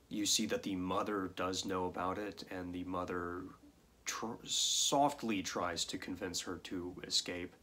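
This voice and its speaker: A man talks through a film's plot in a casual review, pausing for dry, sardonic asides. His voice sits a little low, and he speaks slowly and deliberately. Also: sharp tone. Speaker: film reviewer.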